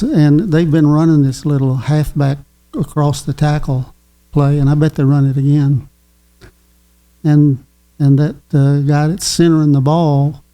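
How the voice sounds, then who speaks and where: This guest is a chuckling Kentuckian in his eighties whose warm voice leans high. His casual storytelling comes out folksy and halting, padded with fillers.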